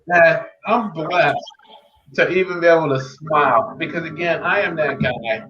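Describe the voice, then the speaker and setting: A man's voice: fairly high pitch, fairly bright tone. Earnest man giving faith testimony. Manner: earnest, faith-filled, repeats key phrases. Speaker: podcast guest. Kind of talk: personal testimony. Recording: echoey, dull, slightly noisy remote audio.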